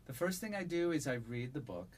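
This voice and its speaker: A man who narrates audiobooks, answering interview questions in a relaxed, thoughtful way with a resonant voice and frequent fillers. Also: medium pitch, a little fast. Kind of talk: conversational interview.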